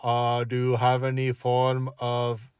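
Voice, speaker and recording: Casting: a man imitating a disapproving middle-aged dad, curt and interrogating, deeper than his own voice. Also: monotone, slow, a little mellow, clean tone, no echo, studio quality, lightly acted. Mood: stern.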